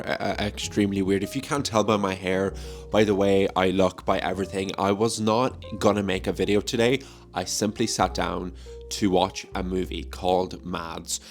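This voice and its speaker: A man chatting casually in a movie vlog, joking and swearing freely, recorded on a phone mic. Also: fairly low pitch. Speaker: movie review vlogger.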